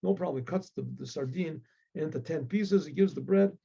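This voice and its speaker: A man, a rabbi, telling a story with animated delivery, acting out the voices of the characters. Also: on the high side, a little fast, creaky, lo-fi sound, noisy background.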